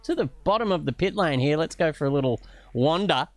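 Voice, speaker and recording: A man's voice: fairly high pitch, animated, fairly quick, dry recording. A man with an Australian accent hosting live sim racing commentary, cheeky and full of roasting jokes.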